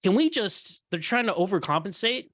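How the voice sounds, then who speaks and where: A man hosting a casual roundtable podcast, ranting in an animated, heated way and acting out quoted voices. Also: high-pitched, moderate pace, dry recording. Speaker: podcast host.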